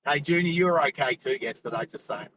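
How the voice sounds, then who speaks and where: A man's voice: a little high, fast, noisy background. A middle-aged Australian man hosting a live driving stream, chatting casually and rambling, laughing often. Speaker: host. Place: inside a car.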